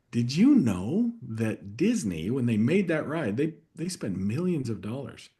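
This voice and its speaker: A man guest on a conversational podcast, sharing a personal story in a reflective, steady way that grows animated at times. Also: mid-range voice. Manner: reflective, warm storyteller who gets animated in anecdotes. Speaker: guest coach.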